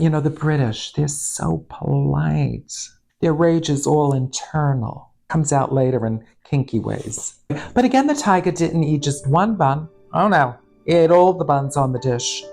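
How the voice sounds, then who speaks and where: A man's voice: fairly high pitch, gravelly, darkish tone. Campy drag queen reading a storybook. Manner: campy, sardonic, bawdy asides. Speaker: storytime host and drag performer. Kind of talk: reading a picture book aloud with comic asides.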